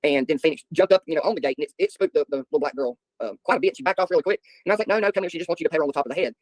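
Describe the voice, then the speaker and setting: A man's voice: fairly high pitch, very fast, no room sound. A middle-aged man telling rambling, folksy stories to viewers on a casual livestream, often chuckling. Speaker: livestream host. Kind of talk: casual storytelling chat with viewers.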